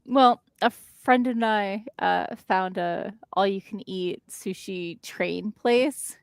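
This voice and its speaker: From her desk in her home living room, a woman with a smooth, mid-range voice co-hosts a casual co-working livestream, taking it slowly. She chats, reads out viewer comments, and often restarts her sentences, with no room sound in the audio.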